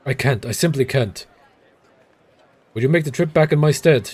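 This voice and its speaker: A man's voice: medium pitch, moderate pace, darkish tone, breathy edge, natural voice. A man voicing a weary, out-of-breath man in a game, gasping and dramatic as he pleads. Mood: exhausted.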